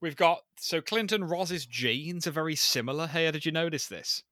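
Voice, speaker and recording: Chatty Brummie man with a bright voice. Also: fairly high pitch, normal speed, no room sound, clean studio sound. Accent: Birmingham. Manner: chatty, self-deprecating about his own speech. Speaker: podcast co-host. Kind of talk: casual chat.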